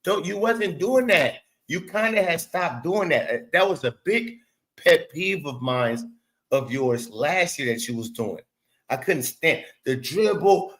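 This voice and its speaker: A man's voice: high voice, animated, a little slow, a bit bright, poor audio. A man hosting his own show, giving casual basketball commentary in blunt, profane, exasperated rants and repeating words for emphasis. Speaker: sports show host.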